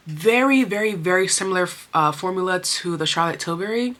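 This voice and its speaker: A woman's voice: lowish voice, expressive, fairly quick, hardly any pauses, fairly bright tone. A young woman chatting expressively through her makeup routine, full of slang and emotion, as a beauty vlogger. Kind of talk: casual chatty makeup tutorial.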